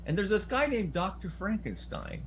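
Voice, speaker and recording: A man tells his story as a panel guest in a chatty, animated way. His pitch moves up and down a lot as he talks. A faint hiss runs behind him. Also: moderate pace. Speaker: panel guest, stage actor. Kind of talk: casual panel chat.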